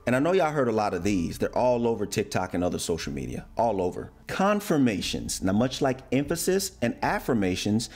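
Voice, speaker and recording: A man from the United States talks through slang in a loose, friendly explainer style. His voice sits a little low, and he slips into playful voices for the examples. Faint music plays in the background. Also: very animated, a little fast, hardly any pauses, a little mellow. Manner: playful, acts out example phrases in shifting voices. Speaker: YouTuber explaining American slang. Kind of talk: casual explainer video.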